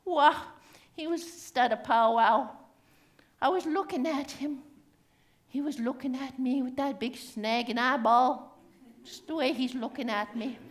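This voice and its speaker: High bright old cree auntie, a woman doing the voice, slow and cheeky, cree-accented english, teasing everyone. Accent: Cree-inflected English. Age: older. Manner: teasing, chatty, drops grammar endings. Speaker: stage storyteller. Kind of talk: live comedic character monologue.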